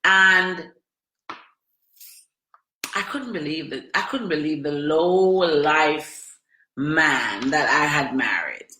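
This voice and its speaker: A woman's voice: deep voice, expressive, takes it slowly, pauses often, sharp tone, reverberant, a little hiss or hum. A woman hosting a podcast, telling a personal story in an emotional, emphatic way, with lots of repetition. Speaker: podcast host.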